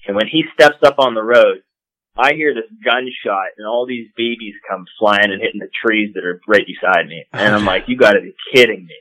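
A man, a podcast guest telling hunting stories in a casual, animated way. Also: lowish voice, fairly quick, dry recording, low-quality recording. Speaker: podcast guest, call maker. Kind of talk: casual storytelling.

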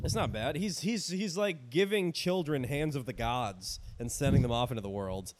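A young man co-hosting a laid-back comedy podcast, talking in loose, rambling runs. His pitch rises and falls a lot as he jokes. He drifts into asides and trails off. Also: expressive, moderate pace, darkish tone. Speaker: podcast co-host. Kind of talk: casual comedic chat.

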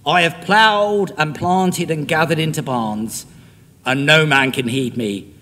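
Man doing a fiery old woman preacher, high and forceful, reverberant hall. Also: slow pace, full character voice. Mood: defiant. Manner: forceful, declaiming. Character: impassioned elderly woman preacher, defiant.

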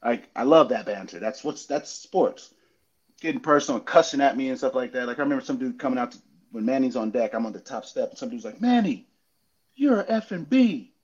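Host type: lively male storyteller, mid-range voice, slightly dull lo-fi recording. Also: fast talker, husky. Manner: animated storytelling, acts out hecklers with big pitch jumps. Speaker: podcast host, former outfielder. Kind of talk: casual chat.

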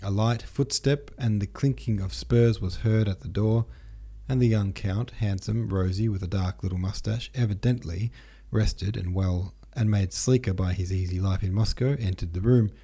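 A man narrating a classic novel in a steady, unhurried reading voice, with occasional small slips. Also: fairly low pitch, breathy edge. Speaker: audiobook narrator. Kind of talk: scripted narration.

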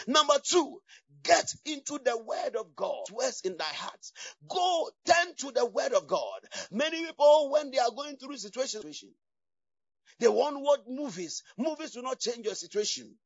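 A man preaching a charismatic sermon with fiery, shouted declarations and bursts of tongues. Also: very high-pitched, big pitch swings, moderate pace, dry recording. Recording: dull lo-fi, distant from mic, dry.

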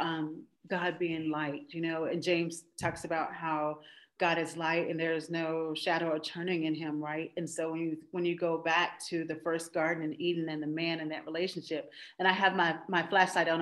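A woman's voice: deep voice, flat delivery, moderate pace, fairly bright tone, poor audio. Reflective woman on a video call. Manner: reflective, searching for words, many fillers. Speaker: guest. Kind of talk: casual faith conversation.

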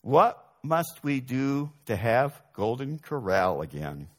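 A man preaching a sermon, moving between loud emphasis and soft, quiet asides. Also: mid-range voice, very animated, slow pace. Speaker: pastor.

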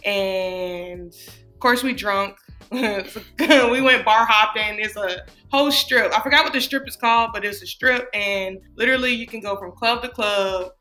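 A woman's voice: mid-range voice, a little slow, pushed and bright, soft background music. A woman, chatting casually as a podcast co-host, rambling and laughing often. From Atlanta, USA. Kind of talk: casual chat.

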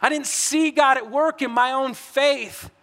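Male pastor, sermon, very high voice, conversational and repetitive, long hall reverb. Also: unhurried, a bit bright. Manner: conversational, repeats words when acting out everyday frustration.

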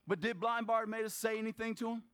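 This pastor talks fast in a very high voice, delivering a lively sermon to his church. Questions for the congregation, humorous asides and sudden shouts punctuate his message.

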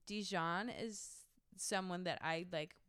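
A woman's voice: fairly low pitch, slow, a bit bright, smooth, no room sound, clean studio sound. A young woman, a singer-songwriter, chatting in an interview, gushing and emotional with lots of fillers. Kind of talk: casual interview chat.

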